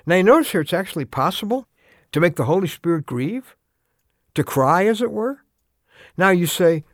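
A man's voice: on the high side, expressive, brisk, dry recording, studio quality. A middle-aged man giving a short devotional radio sermon, earnest and conversational, asking his listeners questions as he goes. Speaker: radio preacher.

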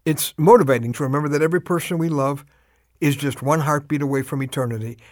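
A heartfelt man delivers a devotional message in a slightly high voice, speaking close to the mic in a dry, deadened space. His storytelling is earnest and emphatic, and he draws out his key phrases. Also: a little mellow, no echo. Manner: slows down to stress urgent calls to action. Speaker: radio devotional host.

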